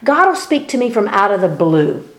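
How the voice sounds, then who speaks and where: A woman's voice: mid-range voice, sing-song, normal speed. A woman giving a fervent, preaching-style talk in conversation, emphatic and repeating her words as she builds to peaks. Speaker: speaker sharing faith teaching.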